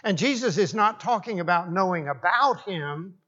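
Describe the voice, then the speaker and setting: A man preaching a sermon, slow and deliberate, often restarting his phrases for emphasis. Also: sits high, animated, pushed and bright, highs cut off.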